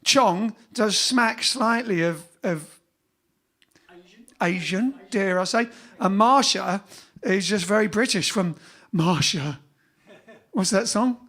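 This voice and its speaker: A man hosts a casual live stream for his band, chatting in a rambling, joking way full of fillers and restarts. His voice sits high and sounds bright and forceful. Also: slow pace.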